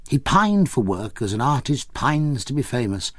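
Give me a man narrating an audiobook in a wry, animated way, recorded dry. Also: medium pitch, normal speed, no echo.

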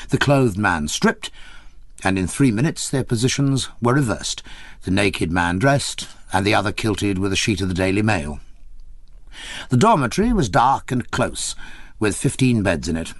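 A man reading a memoir aloud as an audiobook narrator, measured and expressive. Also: lowish voice, no echo, clean studio sound.

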